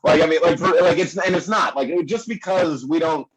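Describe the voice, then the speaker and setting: A man's voice: on the high side, fairly quick, a crowd in the background, low-quality recording. A man performing a stand-up comedy set on a club stage, rambling with lots of fillers and laughing at his own jokes. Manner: rambling, filler-heavy delivery.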